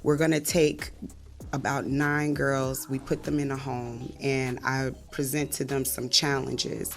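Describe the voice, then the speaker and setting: A woman's voice: very deep voice, flat delivery, measured pace, creaky, soft background music. A woman comedian and show creator, talking in a laid-back, candid, chatty way in an interview. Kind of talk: casual interview chat.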